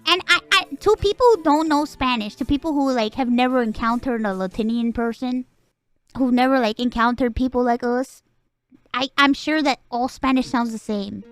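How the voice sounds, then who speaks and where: Puerto Rican woman streamer, high voice, casual rambling chat, lots of swearing, faint music behind. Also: normal speed. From Puerto Rico. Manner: rambling, swears often, laughs a lot.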